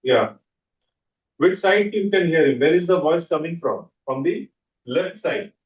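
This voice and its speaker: A man leading a guided visualization exercise as a trainer, coaching with quick repeated questions. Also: fairly high pitch, lively intonation. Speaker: NLP trainer. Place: training room. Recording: dull echoey room audio from far off.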